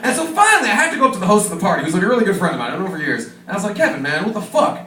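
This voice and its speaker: A man's voice: sits high, wildly swooping pitch, rapid-fire, a crowd in the background. A man performing a stand-up set, telling a profane party story and acting out the other people in it. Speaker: stand-up comedian. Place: comedy club stage. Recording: echoey room, mic from far off. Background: audience laughter.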